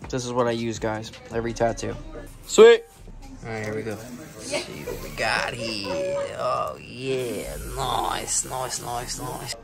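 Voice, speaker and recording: With music in the background, an unhurried man of medium pitch and some vocal fry narrates a casual vlog. The energetic tattooist and reptile owner talks to the camera about feeding time and his tattoo work, speaking to his animals as well.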